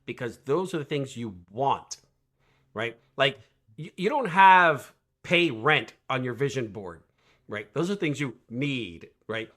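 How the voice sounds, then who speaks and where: Energetic man with a bright, forceful voice. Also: medium pitch, unhurried. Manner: energetic, emphatic, keeps asking "right?"; rhetorical questions, animated storytelling. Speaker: guest, coach. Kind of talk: podcast conversation.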